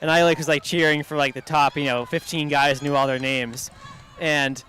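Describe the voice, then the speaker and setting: A young man co-commentating an outdoor track meet, talking eagerly and quickly. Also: fairly high pitch, fairly even intonation, sharp tone. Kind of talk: casual livestream commentary.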